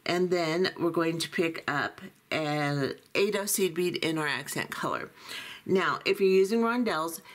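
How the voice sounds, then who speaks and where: A woman teaching a beading tutorial, calmly talking through each step as she works. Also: fairly low pitch. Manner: calm, methodical, talks through each step. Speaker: beading instructor.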